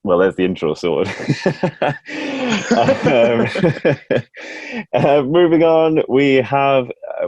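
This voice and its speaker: A man's voice: fairly low pitch, a little mellow, no room sound. A man hosting a casual sports podcast, chatty and self-mocking, laughing often. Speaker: podcast host.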